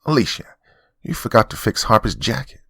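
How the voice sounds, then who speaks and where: A snide, cold-hearted housewife from a spoken horror tale, clipped and bitter in every line, as a male narrator puts her on. The voice stays very deep and creaky. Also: expressive, normal speed, fairly bright tone, dry recording, exaggerated voice. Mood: sharp. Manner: curt and bitter. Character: cold, cutting housewife, middle-aged.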